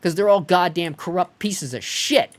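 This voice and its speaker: A man with a high-sitting, lively voice rants heatedly and profanely at normal speed while live-streaming a game. Now and then he mocks others in put-on voices.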